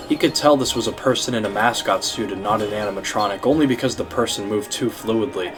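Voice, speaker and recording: Man narrating a story over music. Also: on the low side. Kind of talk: scripted narration of a horror fan story.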